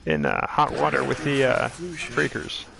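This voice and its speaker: Guy doing an impression of a gravelly old film director, super creaky, all uh uh pauses. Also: mid-range voice, big pitch swings, crowd noise, heavily acted. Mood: rambling. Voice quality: gravelly, many drawn-out "uh" fillers. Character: older male filmmaker, halting and rambling. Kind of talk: comic celebrity impression.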